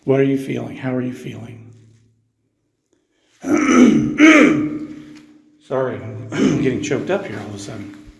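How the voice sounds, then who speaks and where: A man on a ghost-hunting session, asking spirits slow, measured questions inside an old jail. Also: medium pitch, gravelly, dark tone. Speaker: paranormal investigator. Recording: echoey old jail cell.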